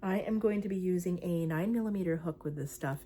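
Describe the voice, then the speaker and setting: In a casual craft vlog, a young woman talks about what she's crocheting, rambling and full of fillers. She speaks briskly, her voice warm and fairly low in pitch.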